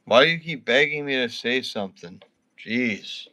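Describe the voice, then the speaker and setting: A man's voice: mid-range voice, animated, normal speed, bright, forceful tone. A man streaming live, talking to his viewers, first mumbling and reluctant, then swearing and ranting at a viewer.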